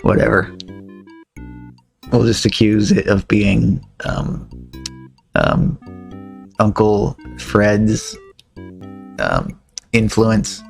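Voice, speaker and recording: A man's voice: on the low side, very animated, very slow, vocal fry, pauses often, faint music behind. A man playing through a game on a stream, chatty and joking as he reads on-screen text. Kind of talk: let's-play commentary.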